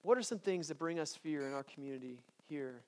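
A man with a high, light voice preaches to a chapel congregation. He talks in a loose, conversational way, often restarting words, then builds into strong, repeated declarations. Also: a little fast, slight background noise. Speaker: chapel speaker. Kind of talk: sermon.

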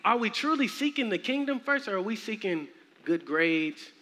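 Young male minister, high bright voice, playful slangy sermon, church hall echo. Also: normal speed. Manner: animated, slangy, humorous preaching. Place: church sanctuary. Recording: echoey hall, faint noise.

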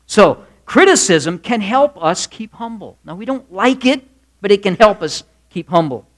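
A man's voice: sits high, very animated, moderate pace. A male pastor delivers a midweek sermon in a folksy, storytelling style. He moves easily from jokes to earnest points, his voice sitting a bit above the usual male range.

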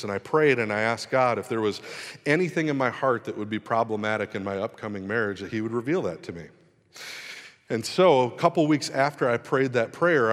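A middle-aged man preaching to a congregation and spinning a self-deprecating story from his own life. His voice sits at an ordinary pitch and rises with energy at the high points of the tale. The sound carries a long reverb, as in a big church hall. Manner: storytelling, self-deprecating, animated when retelling. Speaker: pastor. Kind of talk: sermon.

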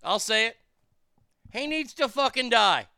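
Gravelly, bright-voiced man ranting profanely. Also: very high voice, lively intonation, measured pace, no room sound, clean studio sound. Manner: angry, crude, blunt, heated. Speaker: streamer reacting to a news clip. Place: in a car.

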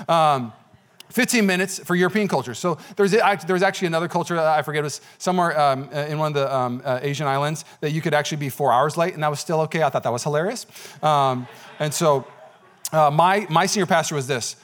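A man's voice: on the high side, fast talker. A man preaching a sermon as pastor in a church, talking conversationally with frequent "okay?" asides. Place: church sanctuary.

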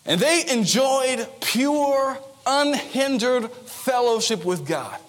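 A young adult male pastor giving a sermon, telling lively stories with playful asides and quick shifts into character voices. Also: extremely high pitch.

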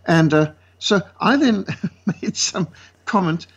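A man from South Africa with a South African accent, a guest speaker telling lively stories and acting out the voices of the people in them. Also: high voice, takes it slowly, vocal fry, slightly rough. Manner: lively, acts out quoted voices. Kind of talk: animated storytelling. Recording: dull lo-fi sound.

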